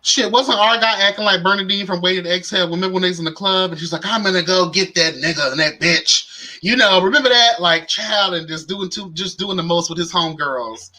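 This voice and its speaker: A young man hosts a live-streamed reality show recap, chatting to his viewers. His voice sits on the high side and sounds very bright and sharp. He keeps it campy and sassy, packed with slang and exclamations. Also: fast talker, few pauses, rough recording. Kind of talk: casual live-stream commentary.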